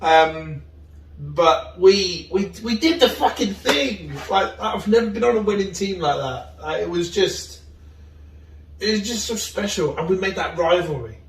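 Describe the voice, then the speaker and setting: A man talking as a guest in a casual interview, earnest and open, and he rambles a little when he gets excited. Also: high voice, unhurried, slight background noise. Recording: roomy, distant mic.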